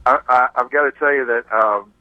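A man's voice: mid-range voice, a little fast, sharp tone, dry recording. A man calling in to a radio show, talking hesitantly and stammering. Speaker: caller. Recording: dull dry phone line.

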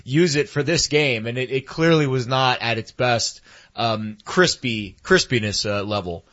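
A male sports panelist with a mid-pitched voice who stumbles and restarts as he builds homespun analogies. His speech is casual and meandering. The sound is a little dull and lo-fi. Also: fairly bright tone. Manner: rambling, halting, folksy analogies.

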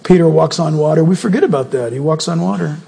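A male pastor preaching a sermon in an animated, jokey way, often asking the congregation questions. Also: fairly high pitch, fast, creaky, slightly rough, big-room sound.

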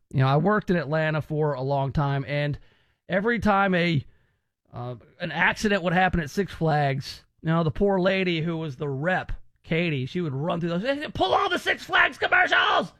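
A man's voice: a little high, normal speed, no echo. A man in his thirties hosting a radio talk show, chatty and wry with rambling asides. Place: radio studio.

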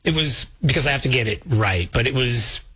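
A man hosting a talk show, telling a story casually and jumping high in pitch when he quotes people. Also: animated, a little fast, sharp tone, slightly rough. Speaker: show host.

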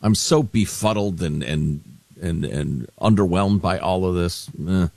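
A man's voice: low voice, a little slow, gravelly, darkish tone, no room sound. A man hosting a talk radio show, bantering dryly about politics. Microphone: studio microphone.

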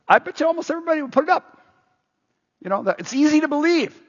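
A man preaching a sermon in an energetic, emphatic way, moving between loud stresses and quiet asides. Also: very high voice, quick pace. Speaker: pastor. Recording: dull, echoing hall sound.

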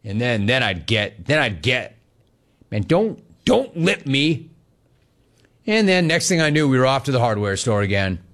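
Animated sports talk host, man. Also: mid-range voice. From Los Angeles. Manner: animated, rambling storytelling, repeats phrases. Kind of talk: casual sports talk with live chat.

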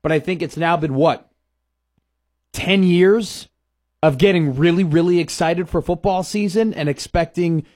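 A man's voice: a little high, unhurried, a little mellow, dry recording. A man hosting a sports radio show, talking casually and emphatically, repeating his points.

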